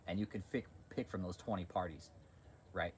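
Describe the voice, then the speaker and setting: A man's voice: low-pitched, moderate pace, slight background noise. A man hosting a livestream, ranting in a heated, profane, repetitive way. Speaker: channel host.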